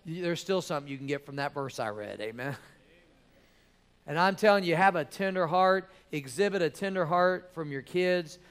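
A middle-aged man preaching a sermon as pastor, swinging from hushed storytelling to loud, animated exhortation. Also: on the high side, normal speed, clean tone.

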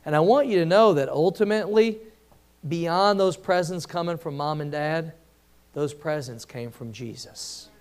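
A man's voice: fairly high pitch, normal speed, smooth. A man preaching a sermon in a conversational way, with many restarts and emphatic questions to the congregation. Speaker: pastor.

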